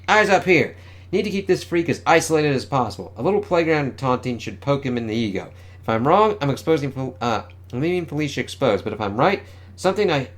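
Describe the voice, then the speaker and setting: A man's voice: mid-range voice, a bit bright. A man reading a quippy young superhero. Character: wisecracking young male superhero narrating.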